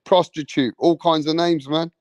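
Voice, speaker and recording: A man's voice: fairly high pitch, steady tone, normal speed, dry recording. A young man hosting a casual live stream, rowdy and swearing as he reads out chat comments. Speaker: livestream host.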